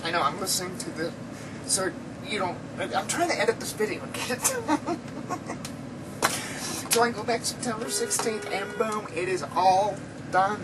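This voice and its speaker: A woman's voice: medium pitch, expressive, normal speed, recorded from a distance, very noisy. A woman chatting casually in a rambling video diary from home, laughing often, her throat dry and sore. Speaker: vlogger. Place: indoors at home.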